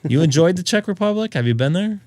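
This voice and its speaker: Lively, rambling ham radio streamer. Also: male voice, high-pitched, fast, no echo. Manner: rambling and jokey, laughs often. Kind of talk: casual chat on a live stream.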